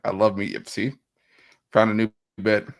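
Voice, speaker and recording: A man's voice: on the low side, little pitch movement, a little slow, creaky. A man co-hosting a casual sports betting show, teasing his co-hosts and joking as he reads out picks. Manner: teasing, joking banter with restarts.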